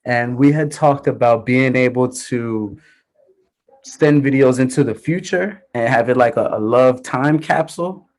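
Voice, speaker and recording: A man's voice: mid-range voice, unhurried, a little mellow. A man hosting an interview, answering with short affirmations and asking questions. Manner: affirming, many mm-hmms. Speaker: podcast host, interviewer. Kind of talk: interview chat.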